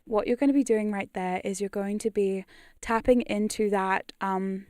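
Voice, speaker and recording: A woman talks to her livestream viewers in a loose, rambling way, laughing often and swearing without a second thought. Her voice sits at a middle pitch. She is recorded close on a studio condenser mic in a dry room with no echo. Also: steady tone, normal speed, mellow, smooth. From New Zealand. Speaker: hypnosis content creator and livestream host. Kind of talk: casual livestream chat.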